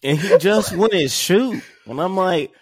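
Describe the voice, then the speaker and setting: Joking man with lively pitch. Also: takes it slowly, husky, no echo. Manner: expressive, joking, laughs a lot. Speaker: podcast co-host. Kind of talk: casual chat.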